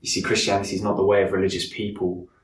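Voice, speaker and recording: A man preaching a sermon in an earnest way, slowing down and softening his voice for emphasis. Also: low-pitched, completely flat delivery. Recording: echoey room from a distance.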